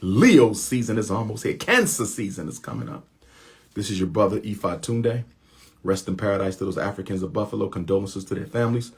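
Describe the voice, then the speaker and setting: A man's voice: lowish voice, lively intonation, fairly quick, husky. A man speaking in an impassioned monologue to his followers, using repetition and rhetorical questions in colloquial speech.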